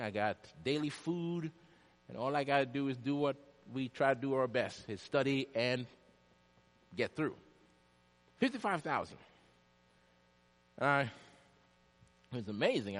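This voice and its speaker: A man preaching a storytelling sermon, swinging from loud, high bursts to hushed asides. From Jamaica. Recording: long hall reverb.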